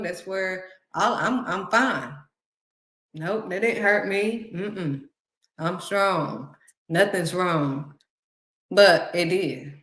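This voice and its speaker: Lower-voiced woman preaching with emphasis. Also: a little slow, fairly bright tone. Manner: emphatic, heartfelt, repeats phrases for emphasis. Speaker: speaker giving spiritual encouragement. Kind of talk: conversational preaching. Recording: roomy echo.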